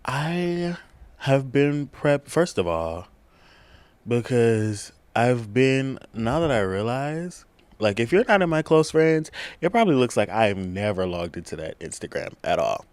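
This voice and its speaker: A young man hosting his own podcast in a casual, chatty, slangy way, laughing often and swinging from hushed to loud. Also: medium pitch, very animated, unhurried, dry recording. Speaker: podcast host. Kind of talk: casual solo podcast chat. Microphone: camera on a tripod.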